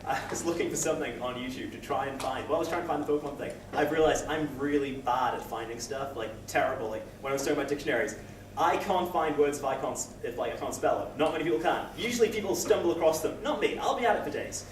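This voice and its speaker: Young guy doing open mic standup, pretty high voice, rambly and sweary, roomy echo and background noise. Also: expressive, quick pace, far from the mic. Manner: rambling, self-deprecating, sweary. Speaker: stand-up comedian. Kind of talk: stand-up comedy set. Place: open mic comedy night, indoor room. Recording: echoey room recorded from afar, noisy.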